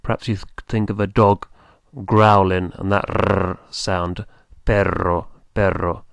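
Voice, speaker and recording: A man's voice: low voice, little pitch movement, a little slow, vocal fry, clear, resonant tone, no room sound. A man teaching a beginner language lesson, patiently repeating and spelling out words.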